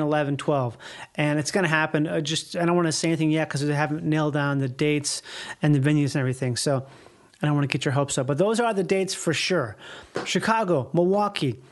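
Man, podcast host, high voice, loose rambling delivery, swears a lot, chuckles often. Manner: rambling, profane, laughs between phrases. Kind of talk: casual solo podcast monologue.

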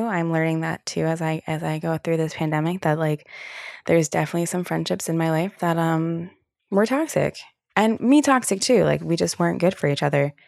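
Low, gravelly young woman podcaster. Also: a little mellow, no echo, clean studio sound. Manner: loose, candid, filler-heavy talk with frequent "like" and swearing. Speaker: podcast host. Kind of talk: casual solo podcast chat.

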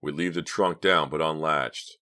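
A man's voice: a bass voice, fairly even intonation, unhurried, bright, forceful tone, no room sound, full character voice. A man voicing an impatient, bossy teenage boy who talks in a curt, exasperated way.

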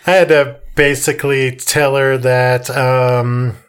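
A man co-hosting a casual podcast with a weak, hoarse voice after a hospital stay, rambling with lots of fillers. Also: medium pitch, level tone, takes it slowly. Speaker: podcast co-host. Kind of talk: casual chat.

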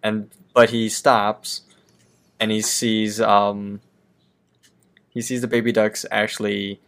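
Male co-host, low pitch, smooth resonant tone, easygoing and a bit hesitant. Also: flat delivery, slow pace, fairly bright tone. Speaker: podcast co-host. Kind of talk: casual chat recapping a cartoon episode.

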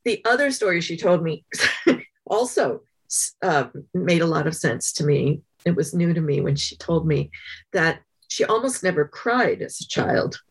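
A woman guest author telling stories in an interview, in a thoughtful, measured way with many pauses. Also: lowish voice, animated, slightly rough. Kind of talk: interview conversation.

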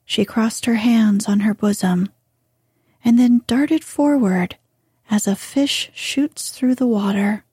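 A woman reading a fairy tale aloud in a soft, hushed whisper. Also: mid-range voice, breathy edge, no echo, studio quality.

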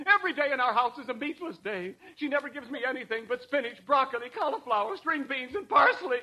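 A man's voice: very high voice, expressive, quick pace, sharp tone. A man in a 1940s radio comedy sketch, sheepishly confessing, on a scratchy old broadcast recording.

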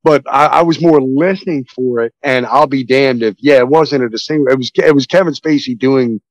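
A man hosting a casual movie podcast, talking in a rambling, excitable way with plenty of swearing. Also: mid-range voice, moderate pace, dry recording, poor audio. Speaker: podcast host.

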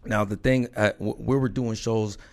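A middle-aged man, a rap artist, telling stories in a relaxed podcast chat, full of slang and swearing. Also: fairly low pitch, moderate pace. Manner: laid-back slangy storytelling, swears freely.

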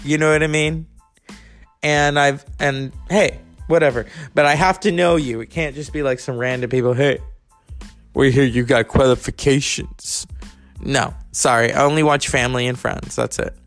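A man's voice: fairly high pitch, fairly even intonation, normal speed, a bit bright, faint music behind. A man from California hosting his own podcast, rambling through stories with profane, chatty asides. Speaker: podcast host. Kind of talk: casual monologue.

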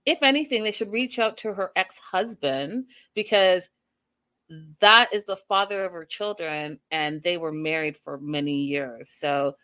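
A woman's voice: lowish voice, measured pace. A woman giving a casual, gossipy recap of a reality show, acting out what the cast said and reacting with exasperation. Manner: gossipy, animated, acts out quotes.

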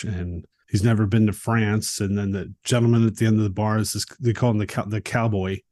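A man co-hosting a film podcast, retelling a scene in an animated way with chuckles. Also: fairly low pitch, dry recording, clean studio sound. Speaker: podcast co-host. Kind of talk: casual film discussion.

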